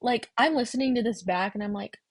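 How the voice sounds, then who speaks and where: A young woman recording a quick casual aside as her podcast's editor, talking fast and poking fun at herself. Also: fairly high pitch, breathy edge, no room sound. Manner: fast-talking, self-deprecating. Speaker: podcast host, editing aside. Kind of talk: casual chat.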